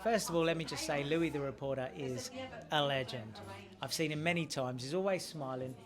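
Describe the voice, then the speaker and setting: A man's voice: on the high side, a little fast, crowd noise. A man with an Australian accent answering questions as an actor in a casual press interview, chatty and friendly, often restarting his phrases.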